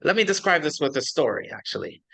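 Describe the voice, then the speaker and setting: A man's voice: on the high side, sing-song, quick pace, creaky, pushed and bright, husky. A man, a rabbi, teaching a class in a conversational lecture style, often checking in with his students and asking them questions.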